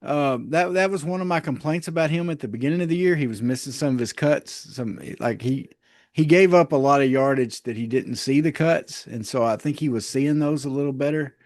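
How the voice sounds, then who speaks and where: A man's voice: fairly high pitch, brisk, a little mellow, dry recording, studio quality. A man co-hosting a casual sports podcast, easygoing, laughing often and hedging his points with "uh". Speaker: podcast co-host.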